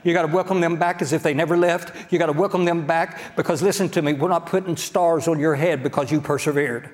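Brief: male Oklahoman pastor, folksy and direct, slightly high voice, long church reverb. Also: fairly even intonation, fast talker. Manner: folksy, direct, addressing the congregation. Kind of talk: sermon. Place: church sanctuary.

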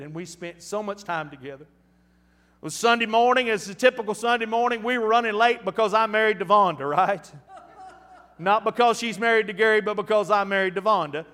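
A man in his fifties preaching a storytelling sermon, folksy and animated, with frequent restarts. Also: high voice, long reverb tail. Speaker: pastor.

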